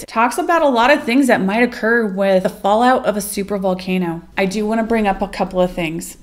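A woman hosting her own channel, reading an ancient epic aloud in a measured, solemn way, then musing about it in casual commentary. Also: mid-range voice. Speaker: channel host.

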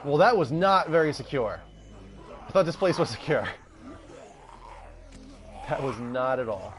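A man's voice: a little high, lively intonation, a little slow, background noise. A man streaming a video game live, making wry, chatty remarks and greeting viewers. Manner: chatty, wry, laughing asides to chat. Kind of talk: live gameplay commentary.

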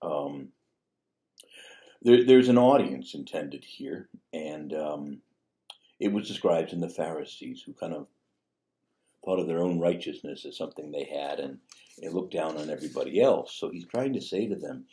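A man's voice: a bass voice, animated, normal speed, dark tone. A man, a priest, teaching a parable in a conversational sermon style, full of rhetorical questions and asides. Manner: conversational, peppered with "you know" and "see?", rhetorical questions.

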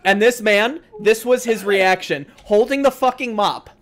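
A man's voice: high voice, unhurried. A young man hosting a podcast and telling a story among friends, swearing freely and acting out the other people's voices. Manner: animated, swears freely, acts out quoted voices. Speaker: podcast host.

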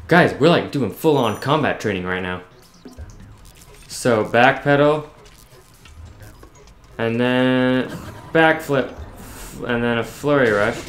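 A man chats his way through a video game, reading tips off the screen and reacting between them. His voice sits at an ordinary middle pitch. The room sounds echoey, with faint game music underneath. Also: takes it slowly, pauses often, a bit bright. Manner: reads on-screen text aloud, chatty asides. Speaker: gaming YouTuber. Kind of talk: casual let's-play commentary.

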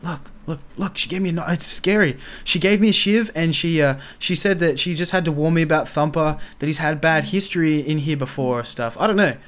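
A young man improvising a casual roleplay, talking in a jumpy, excitable way that tips quickly into panic. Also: on the high side. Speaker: roleplay player.

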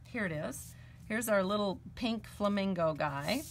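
A woman's voice: medium pitch, expressive, measured pace, a little hiss or hum. Chatty woman demonstrating card-making live. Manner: chatty, gushing over her work. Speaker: host of a live stamping and card-making show. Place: at her crafting table.

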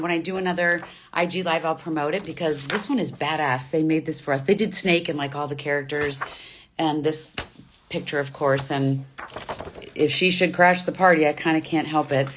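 A woman's voice: deep voice, steady tone, normal speed, a bit bright, a little hiss or hum. Affectionate woman signing off a live stream. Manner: gushing, affectionate sign-off chatter. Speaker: voice actor and coach. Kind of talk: casual live stream chat. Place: studio.

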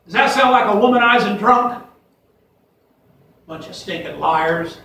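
Bright-voiced preacher in an echoing church. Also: male voice, high-pitched, expressive, unhurried, vocal fry. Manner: folksy, emphatic preaching with scripture quotes. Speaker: pastor. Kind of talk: fiery sermon. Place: church sanctuary. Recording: echoey church from a distance.

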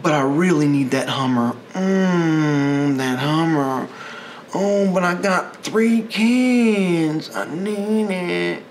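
A man's voice: on the high side, a little hiss or hum, pitched above the performer's own voice. A man voicing a selfish, defensive Republican guy who loves his big truck, with a put-on drawl. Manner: drawling, slow, exaggerated.

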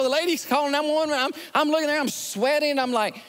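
A man preaching a sermon, telling stories in an animated, lively way. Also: very high voice, fast talker, few pauses. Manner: animated storytelling, acts out scenes with rising excitement. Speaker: pastor. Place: large church sanctuary. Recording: long church hall reverb.

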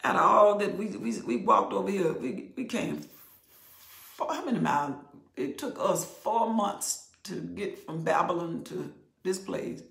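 An older woman giving animated Bible teaching in an expressive, conversational preaching manner, sometimes dropping to near whispers. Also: medium pitch, measured pace, vocal fry. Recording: roomy echo.

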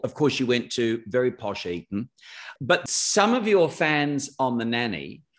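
Male interviewer, mid-pitched voice, very animated intonation, enthusiastic. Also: unhurried. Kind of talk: interview questions.

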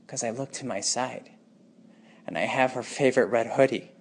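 A man speaking a raw, emotional personal monologue, anguished and bitter, moving between hushed and intense delivery. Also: medium pitch, moderate pace, vocal fry, slightly rough.

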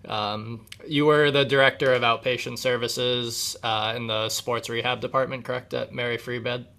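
Podcast host guy, pretty gravelly and bright, kinda flat delivery. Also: mid-range voice. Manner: measured, asks questions. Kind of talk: interviewing.

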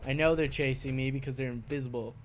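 A young man giving goofy, rambling let's-play commentary, cracking jokes and sometimes breaking into squeaky outbursts. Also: fairly even intonation, fast talker. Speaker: gameplay commentator. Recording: noisy home recording.

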